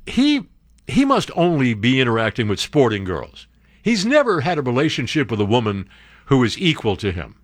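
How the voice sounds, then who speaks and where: A man hosting a show, reading news stories aloud and breaking off into sarcastic, animated commentary. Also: moderate pace, no room sound, studio quality. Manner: animated, sarcastic asides, jumps to high exclamations. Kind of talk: casual political commentary.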